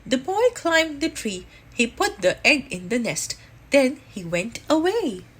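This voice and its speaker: A woman reading a children's picture book aloud at storytime, in a slow and expressive way. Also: high voice, a little hiss or hum. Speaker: storytime reader.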